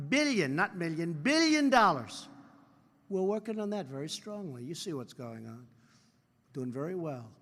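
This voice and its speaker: An older American man in his seventies delivers a speech from a podium, his voice pitched high and sharp-edged. He keeps repeating himself and drifting into boastful asides aimed at the crowd. The long reverb of a huge hall trails every phrase. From United States. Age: 70s. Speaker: politician giving a speech. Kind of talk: public speech with off-script asides. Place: large convention hall, on stage.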